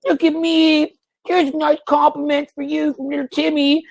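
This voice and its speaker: A man putting on the meek, high voice of a timid young man, mocking him. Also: little pitch movement, normal speed, gravelly, low-quality recording.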